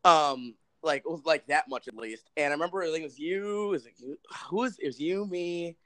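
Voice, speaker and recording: A young man in his twenties co-hosts a relaxed podcast chat, rambling and poking fun at himself with frequent laughs. His voice sits a little high for a man, and the recording is dry and close. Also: a little fast, no echo. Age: 20s. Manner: rambling, self-deprecating, laughs often. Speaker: podcast co-host. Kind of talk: casual chat. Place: Minnesota.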